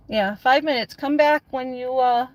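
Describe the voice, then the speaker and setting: A woman vlogging while she drives, talking casually with lots of fillers and easy laughter, tired and keeping her voice calm and quiet because of a headache. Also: sits high, slow pace, rough recording. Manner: chatty, laughs often, many fillers like "like". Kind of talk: casual chat while driving. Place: in a car on country roads. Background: vehicle noise.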